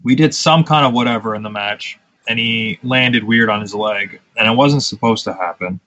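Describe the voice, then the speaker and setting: A man's voice: medium pitch, normal speed, fairly bright tone. Blunt, swearing male wrestler for a podcast; muffled, slightly dull audio. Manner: blunt, profane, ranting storyteller. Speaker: pro wrestler, podcast co-host. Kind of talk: casual podcast chat.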